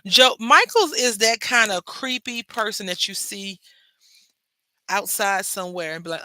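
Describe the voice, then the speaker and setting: In a dry recording, a man hosts a crafting video, bantering playfully with viewers and sharing gossipy stories as he works at his table. His voice is high and sharp-toned, and he's unhurried in this casual craft channel chat.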